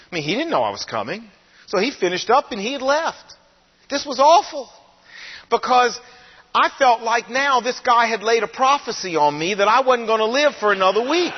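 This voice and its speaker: An older man preaching a sermon, telling his own story in a conversational, animated way. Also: very high-pitched. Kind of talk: sermon testimony. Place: large church auditorium. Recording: long hall reverb, dull lo-fi sound.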